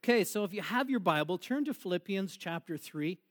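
A man's voice: sits high, lively intonation, brisk. A man preaching a sermon as pastor in a church, joking and laughing with the congregation. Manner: jokey, playful, laughs with the congregation.

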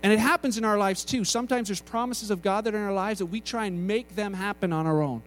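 A man's voice: high-pitched, fast talker, fairly bright tone, slight background noise. A man preaching a sermon in a casual, conversational way, often restarting his sentences.

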